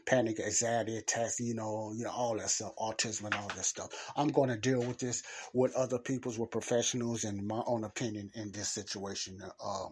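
A man with a low, somewhat husky voice preaches in a loose, conversational way. He circles back to the same phrases, stressing each point, and keeps checking in with his listeners. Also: fairly bright tone. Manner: repetitive, emphatic, says "okay?" and "you know" often. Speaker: Christian podcast host and preacher. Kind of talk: casual preaching talk.

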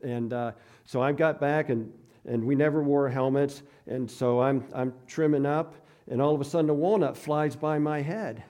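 Male pastor, mellow voice, chatty storytelling sermon. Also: mid-range voice, steady tone, normal speed. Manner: conversational, self-deprecating storytelling.

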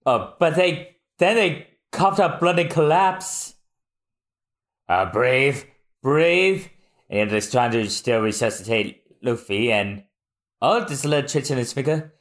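An unhurried co-host narrates a comic page by page on a podcast, with a lively, rising and falling pitch. The delivery is relaxed and conversational, full of small reactions. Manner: slow, reacting and narrating scenes. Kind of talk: casual chat reading manga aloud.

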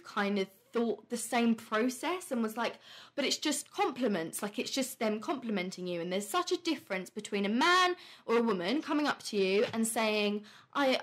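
A young woman hosting a podcast, talking casually and bluntly, swearing freely and laughing often. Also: high voice. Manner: quick, heated rants with animated quoted voices. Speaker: podcast host. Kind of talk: casual chat on a live stream.

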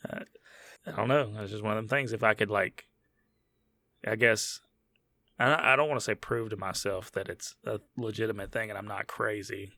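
A man's voice: fairly low pitch, steady tone, moderate pace, pushed and bright, no room sound. Podcast host, man, laughs a lot, casual joking chat, dry close sound. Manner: laughs often, loose and joking.

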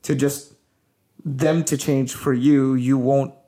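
A man hosting a podcast, chatting casually with his wife in an animated way, laughing and filling his talk with "like" and "you know". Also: medium pitch, slow pace. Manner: animated, laughing, loaded with fillers. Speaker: podcast host.

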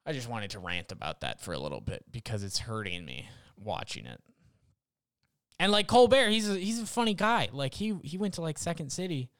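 A man's voice: mid-range voice, sing-song, brisk, fairly bright tone, no room sound, studio quality. A young man ranting casually and sarcastically as a podcast host, rambling and swearing. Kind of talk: casual rant.

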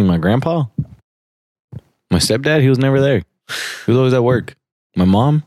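A man's voice: medium pitch, moderate pace, pauses often, no echo, clean studio sound. A young man co-hosting a podcast, telling stories in a slangy, casual way. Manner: slangy, animated storytelling. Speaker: podcast co-host. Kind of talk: casual chat.

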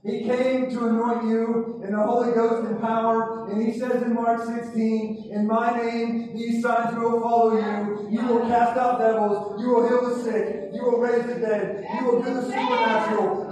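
Fervent high-voiced male preacher, echoey hall. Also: level tone, moderate pace, few pauses, a little mellow. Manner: fervent, call-and-response with congregation. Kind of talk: sermon. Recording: echoey hall, far from mic. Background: congregation responding.

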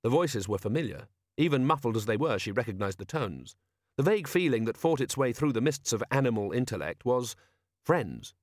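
In a dry, studio-quality recording, a man with a mid-range voice narrates an audiobook. His scripted reading is even and measured.

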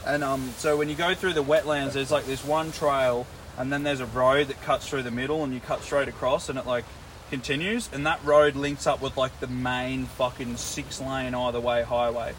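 A man's voice: medium pitch, steady tone, normal speed, fairly bright tone, low-quality recording. A young Australian man telling a story in casual chat, laid-back and sweary, full of "like". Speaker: podcast co-host. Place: inside a tent. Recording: noticeable background noise.

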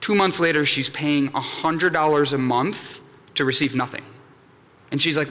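Young male keynote speaker, jokey storyteller, bright lifted voice, reverberant hall. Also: fairly high pitch, steady tone, moderate pace. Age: young adult. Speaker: conference speaker. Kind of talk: comedic keynote talk to a live audience. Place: conference hall. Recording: long hall reverb from a conference room.

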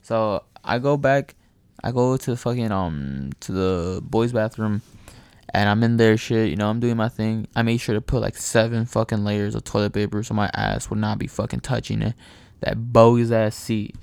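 A young man telling a profane, animated story in casual chat, often laughing. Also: lowish voice, moderate pace, vocal fry, clear, resonant tone, no room sound.

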